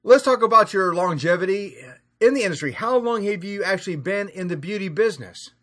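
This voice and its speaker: Southern guy hosting a podcast, folksy, kinda high voice, trips on words sometimes. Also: expressive, a little fast, a bit bright. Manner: folksy, laughs easily, stumbles on words. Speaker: podcast host. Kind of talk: podcast interview.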